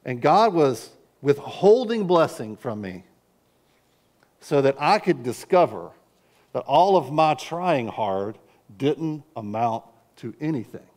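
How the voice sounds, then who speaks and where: A middle-aged man preaching a sermon as a pastor, earnest and story-driven, with sudden loud outbursts when he acts out his own cries. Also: mid-range voice, very animated, slow pace.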